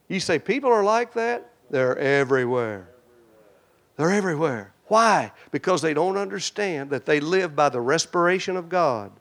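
High-voiced guy preaching a sermon, folksy, talks right to the congregation, gets loud then goes real quiet. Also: expressive, moderate pace. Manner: swings between loud emphatic and hushed prayerful delivery; folksy, addresses the congregation directly.

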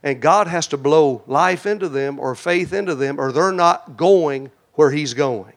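High-voiced guy preaching a sermon, folksy, talks right to the congregation, gets loud then goes real quiet. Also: measured pace. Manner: swings between loud emphatic and hushed prayerful delivery; folksy, addresses the congregation directly.

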